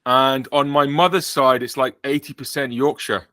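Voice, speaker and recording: British male podcast host, bright sound, dry close mic, jokey and rambling. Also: medium pitch, fairly even intonation, moderate pace, no echo. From Britain. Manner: joking, rambling with self-corrections. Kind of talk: casual chat.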